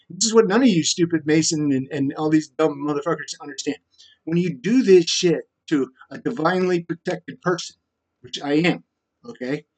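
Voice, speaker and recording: A man talking straight to camera in a rambling, profane monologue that keeps jumping to louder, higher bursts. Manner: rambling, profane, with sudden loud rises. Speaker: vlogger.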